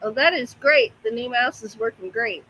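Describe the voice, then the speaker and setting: A woman's voice: on the high side, expressive, normal speed, bright, forceful tone, husky, low-quality recording. A woman hosting a casual livestream from home, chatting to her pets and reading out viewer comments. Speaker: livestream host.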